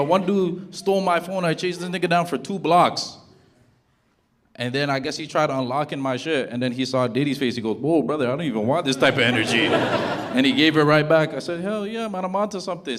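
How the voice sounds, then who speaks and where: A male stand-up comedian from Toronto, talking on a handheld stage mic at a live show. He tells his stories in an animated way and acts out the voices of other people. Loud crowd noise and laughter sit behind him. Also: a little high. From Toronto, Canada. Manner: animated storytelling, acts out quoted voices loudly.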